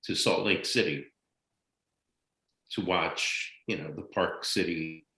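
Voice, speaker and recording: An older American man, a guest actor telling lively, blunt, profane stories from his career in a casual interview. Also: low voice, takes it slowly. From United States. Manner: animated anecdotal storyteller, blunt and profane. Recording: echoey room sound.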